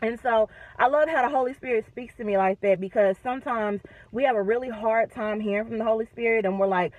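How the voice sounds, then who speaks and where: A woman's voice: fairly high pitch, brisk, few pauses, no echo, narrow, tinny audio. Chatty woman vlogging. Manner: animated, chatty, self-deprecating humor. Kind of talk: casual faith vlog. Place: in a car.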